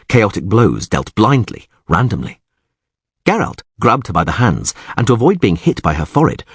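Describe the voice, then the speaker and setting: Expressive husky male audiobook narrator. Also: dry recording, studio quality. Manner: dramatic, highly expressive reading.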